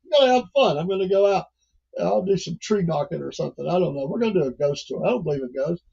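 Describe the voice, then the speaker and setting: A man's voice: on the high side, animated, fast talker, gravelly, dark tone, slightly rough, dull audio. An older man hosting a livestream, talking in a rambling, folksy way and chuckling often. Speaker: livestream host. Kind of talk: casual livestream monologue.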